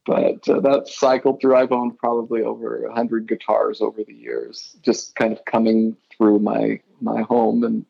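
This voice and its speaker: A man's voice: medium pitch, little pitch movement, unhurried, vocal fry, few pauses, dark tone, lo-fi sound. A middle-aged man from Idaho, a guitarist guest, telling rambling stories in a casual interview and often correcting himself.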